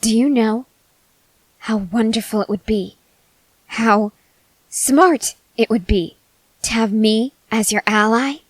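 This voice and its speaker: A woman voicing an arrogant, unhinged young male cult leader in a whispered role-play, slow and intense, swinging between whispers and sharp outbursts. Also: a little high, no echo, poor audio. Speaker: ASMR voice actor.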